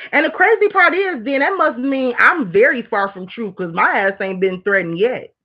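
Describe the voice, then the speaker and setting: A woman hosting a casual livestream, talking candidly to viewers and reading their comments, rambling and animated. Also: mid-range voice. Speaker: livestream host. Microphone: streaming mic. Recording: dull lo-fi stream audio.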